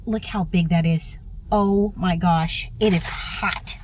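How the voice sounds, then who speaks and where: This travel vlogger speaks slowly in a medium-pitched, slightly mellow voice, with a little hiss or hum in the audio. Holding her phone in a parked car in a parking lot, she chats casually, gushing with enthusiasm.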